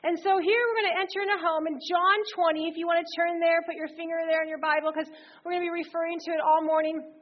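A woman preaching a sermon, telling stories in a lively way and reading scripture aloud with emphasis. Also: very high voice, fast talker. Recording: slightly dull recording.

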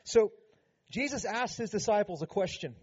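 A man's voice: high-pitched, expressive, normal speed, slightly rough, muffled recording. A man preaching a sermon as pastor, earnest and emphatic, with frequent conversational asides.

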